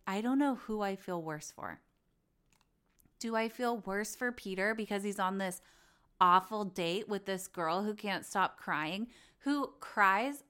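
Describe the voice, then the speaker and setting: A woman's voice: mid-range voice, fairly bright tone. A woman hosting a podcast, chatting casually and gushing with lots of fillers. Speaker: podcast host. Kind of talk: casual reality TV recap chat.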